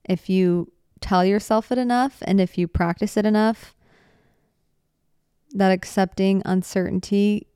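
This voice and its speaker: With a mellow, medium-pitched voice, a twenty-something woman hosts a casual podcast by herself, speaking earnestly and rambling, restarting her thoughts and sometimes crying. The sound is clean studio quality with no echo.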